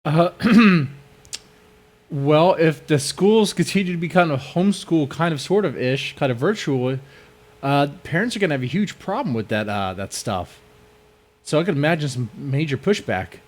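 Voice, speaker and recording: A man's voice: a little high, lively intonation, normal speed. Rambling man hosting a live stream. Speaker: streamer host reacting to a clip. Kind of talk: casual live-stream commentary.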